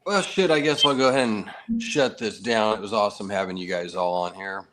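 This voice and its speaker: Laid-back low-voiced male stream host. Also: a little fast, a bit bright, a little hiss or hum. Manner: laid-back, swears casually, laughs often. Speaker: livestream host. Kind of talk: casual chat.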